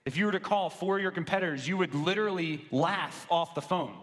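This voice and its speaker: A man coaching law firm owners in a live sales presentation, energetic and casual, with slangy asides. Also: high-pitched, fairly quick. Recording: long reverb of a large hall.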